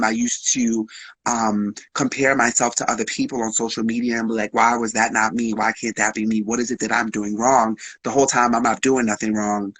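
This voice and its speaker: A man's voice: mid-range voice, a bit bright, breathy edge, dry recording, poor audio. A man speaking as a guest, openly telling a personal story in a frank, emotional way, with slang and swearing.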